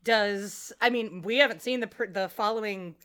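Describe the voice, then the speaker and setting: Woman podcast co-host, middle pitch, casual chatty recap delivery with mock-voiced quotes. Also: moderate pace, fairly bright tone, smooth. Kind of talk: casual TV episode recap chat.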